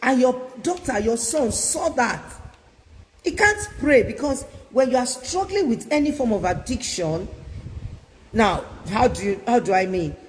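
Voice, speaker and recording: A woman's voice: a little high, animated, a little slow, long reverb tail, slight background noise, low-quality recording. A woman giving an emphatic, preacherly talk on parenting as a family therapist, pressing her points with rhetorical questions. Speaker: family therapist and inspirational speaker.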